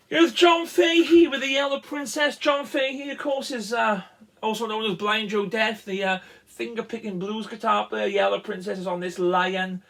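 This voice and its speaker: A man's voice: high voice, vocal fry, a bit bright. A man, a guitarist, casually showing his vinyl records and rambling through track lists with plenty of ums and uhs. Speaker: musician, guitarist. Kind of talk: casual show-and-tell.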